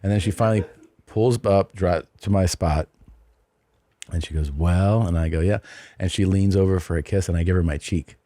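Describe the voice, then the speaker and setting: A man's voice: low voice, moderate pace, mellow, dry recording, clean studio sound. A middle-aged man hosting a podcast, telling a long rambling anecdote in casual chat, often restarting and adding asides. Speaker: podcast host.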